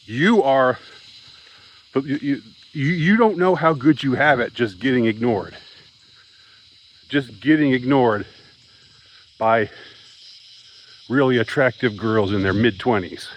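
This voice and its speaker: Talking to camera in a vlog, a man delivers an upset, rambling monologue, agitated and halting, stumbling and repeating himself. His voice is medium-pitched and expressive, on a low-quality recording.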